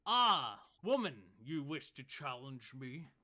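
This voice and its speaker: A man voicing a boastful, bragging male half-orc duelist who laughs loudly at his own prowess. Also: mid-range voice, sing-song, takes it slowly, exaggerated voice.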